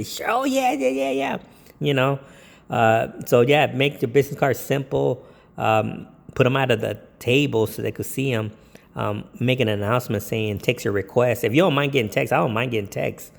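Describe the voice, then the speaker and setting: A man's voice: mid-range voice, creaky, long reverb tail. A man who works as a DJ, talking casually and a bit rambling as he gives tips, with lots of ums. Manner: rambling, with many ums and jokey put-on quotes. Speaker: DJ giving business tips. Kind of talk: casual talk to camera.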